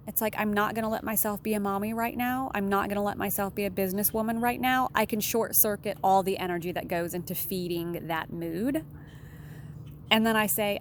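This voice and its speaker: A woman relationship consultant speaks alone in a frank, unfiltered advice monologue and swears freely. Her voice sits at an ordinary middle pitch, and she jumps up sharply when she stresses a point. A faint hiss of background noise sits under the recording. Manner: blunt, candid, swears casually; animated, with sudden emphatic jumps in pitch.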